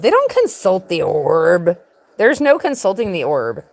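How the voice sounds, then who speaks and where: A woman's voice: lowish voice, huge pitch swings, unhurried. A woman live streaming from her bed in a tent, rambling in an irreverent, joking way. She swears freely and jumps from one tangent to the next. A faint background noise sits under her voice.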